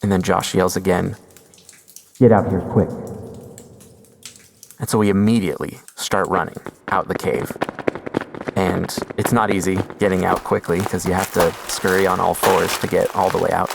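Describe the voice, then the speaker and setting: A man hosting a podcast, telling a first-person story slowly and deliberately, with suspenseful pauses. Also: low-pitched, level tone, gravelly, in a large hall, background noise. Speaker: podcast host.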